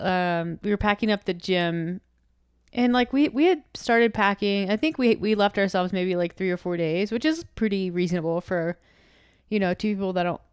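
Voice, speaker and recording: A woman's voice: medium pitch, smooth, dry recording, studio quality. A woman co-hosting a podcast, chatting casually with playful teasing. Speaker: podcast co-host. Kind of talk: casual chat.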